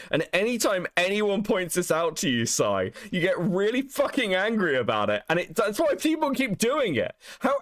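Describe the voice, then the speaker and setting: A fairly high-voiced man hosting a casual livestream, with a lively, swooping delivery. He mocks and swears freely and laughs often, heard on a dry, close sound. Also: no room sound. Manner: profane, mocking, laughs often. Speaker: streamer host.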